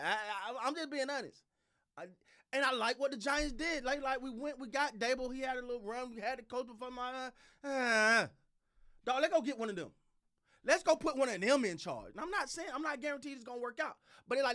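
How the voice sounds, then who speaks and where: A man hosting a casual sports commentary channel, talking in an animated, repetitive way with slang and short laughs. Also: very high voice, brisk.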